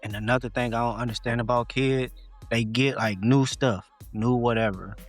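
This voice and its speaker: A man co-hosting a casual podcast, a father telling relaxed, reflective stories about his kids. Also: mid-range voice, normal speed, soft background music. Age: adult father of a twelve-year-old. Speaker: podcast co-host. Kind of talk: casual chat.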